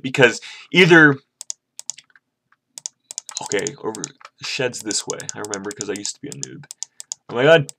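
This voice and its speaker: A man with a bright, edgy voice records himself playing a computer game in his room at home. He swears freely, rants and yells at the game when it goes wrong, then drops into relaxed, rambling chat with his viewers. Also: mid-range voice. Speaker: gaming channel host. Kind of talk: casual gameplay commentary.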